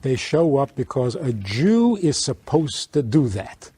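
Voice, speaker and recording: Animated, husky-voiced rabbi teaching. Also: male voice, medium pitch, a little slow, no echo. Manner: animated, plays out dialogues, chuckles. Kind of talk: informal teaching talk.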